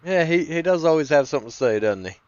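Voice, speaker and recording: A man co-hosting a sim racing broadcast, easygoing and lifting with excitement on race action. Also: a little high, quick pace, clean tone, no echo, lo-fi sound. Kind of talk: race commentary.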